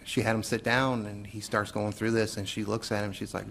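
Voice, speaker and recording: Gravelly low-voiced man testifying. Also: flat delivery, a bit bright, a little hiss or hum. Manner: measured, with frequent hesitant "um"s. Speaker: police investigator testifying as a witness. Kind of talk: courtroom testimony.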